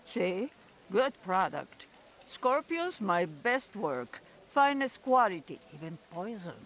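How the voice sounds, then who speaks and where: An actress playing a sly female insect merchant in a video game, with a put-on foreign lilt and a drawn-out sales pitch. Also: very animated, slight background noise. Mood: selling.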